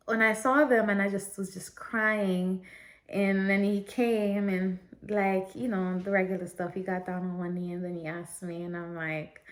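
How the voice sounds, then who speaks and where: A young woman vlogger telling a story in a chatty, casual way, talking straight to her viewers and laughing often. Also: medium pitch.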